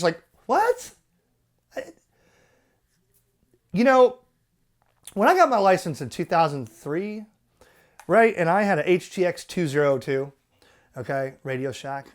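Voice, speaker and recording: A man hosting a ham radio channel, ranting with exasperation and the odd curse. His pitch swings widely as he gets worked up. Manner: animated, profane, exasperated. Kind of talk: ranting commentary.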